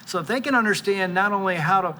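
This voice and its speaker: A man in his sixties, a pastor, telling the story of his ministry in a casual, animated way. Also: high-pitched, quick pace, slight background noise. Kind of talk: church service talk and testimony.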